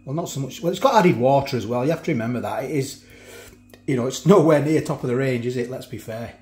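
Fast and medium-pitched with a darkish tone, this man reviews food casually in a vlog, cooking and tasting in an echoey home kitchen. He rambles chattily, speaks while chewing and often begins sentences again.

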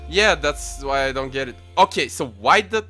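A man chatting loudly with friends over a game, laughing and swearing at it. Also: on the high side, expressive, moderate pace. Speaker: gaming channel host. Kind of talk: casual gameplay chat with friends. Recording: game music playing behind.

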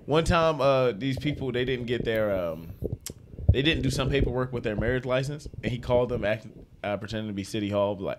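Animated laughing male podcast co-host. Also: medium pitch, fairly quick, noisy background. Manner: animated storyteller, laughs often. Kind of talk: casual podcast chat.

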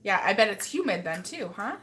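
A woman's voice: medium pitch, sing-song, fairly quick, sharp tone. A woman hosting a casual live stream as a mother, chatting and reading viewer comments while scolding her child. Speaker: host and mother.

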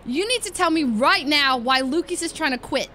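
A woman's voice: sits high, expressive, normal speed, bright, forceful tone, a little hiss or hum. A woman streamer talking in character during a roleplay game, playful and teasing, laughing often.

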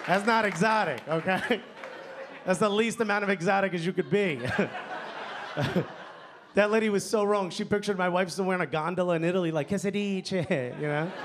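A young man with a New York accent doing a stand-up set, playful, dropping his voice low and soft for punchlines. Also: fairly even intonation, a little fast. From New York area. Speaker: stand-up comedian. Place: comedy club stage with laughing audience. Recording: live club recording with crowd noise.

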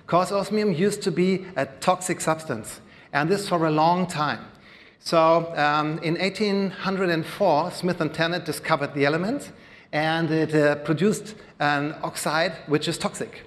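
A man with a German accent gives a live presentation to an audience, explaining slowly with many fillers and pauses. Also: a little high. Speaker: presenter at a conference. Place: large hall before an audience. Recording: long reverb of a large hall.

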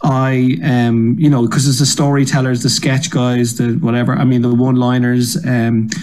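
A middle-aged man, a comedian guest, telling lively stories and acting out quotes in a casual interview. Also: medium pitch, normal speed. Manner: animated storyteller, acts out quotes with laughs.

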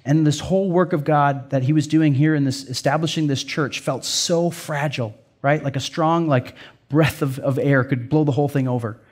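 A middle-aged pastor with an Upper Midwest American accent delivers a sermon in an earnest, conversational way, peppering his points with "like" and "right?". His voice sits somewhat high for a man. He sounds sincere and direct, as if talking with his congregation. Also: normal speed, darkish tone.

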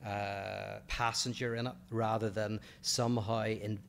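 A man with an Irish accent co-hosting a podcast, explaining philosophical ideas in a measured, patient way. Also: fairly low pitch, little pitch movement, vocal fry, a little hiss or hum. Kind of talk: casual explanatory chat.

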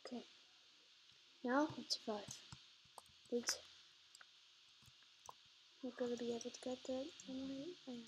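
A woman's voice: on the high side, steady tone, unhurried, pauses often, background noise. A woman giving playful, chatty commentary while playing a video game, talking to herself as she goes. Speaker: gaming channel host. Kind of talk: casual gameplay commentary.

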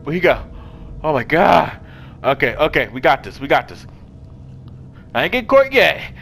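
A man giving casual let's play commentary, swinging from hushed muttering to yelling and talking to the game characters with slang and swearing. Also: fairly high pitch, sing-song, normal speed, vocal fry, a little hiss or hum. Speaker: gaming video creator.

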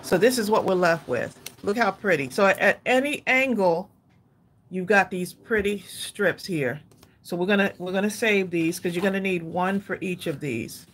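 A woman's voice: mid-range voice, moderate pace, slight background noise. A woman hosting a live crafting tutorial, chatty and laughing as she talks straight to her viewers. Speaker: craft livestream host.

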